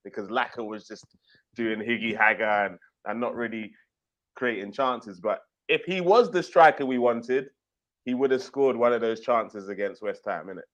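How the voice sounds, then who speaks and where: A man's voice: mid-range voice, normal speed. Laid-back man on a muffled line. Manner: laid-back, slangy, opinionated. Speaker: co-host guest. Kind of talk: casual live-stream chat.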